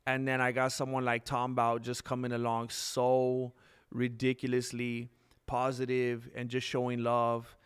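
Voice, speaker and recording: Rambling man with a smooth voice. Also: a little slow. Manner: rambling and candid, with bursts of high-pitched excitement when thanking donors. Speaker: live-stream host. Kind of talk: casual live-stream chat.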